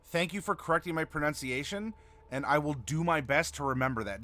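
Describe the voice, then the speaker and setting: A man's voice: a little high, a little fast, bright, forceful tone. Chatty man hosting a game stream. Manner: chatty, reads viewer chat aloud. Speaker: game master and stream host. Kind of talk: casual livestream chat.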